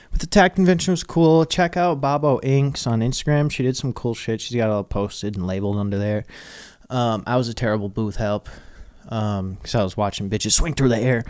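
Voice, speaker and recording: A man's voice: mid-range voice, a little mellow, clean tone, no room sound. A young man from Minnesota hosting a casual solo podcast, rambling loosely, swearing freely and laughing often. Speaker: podcast host.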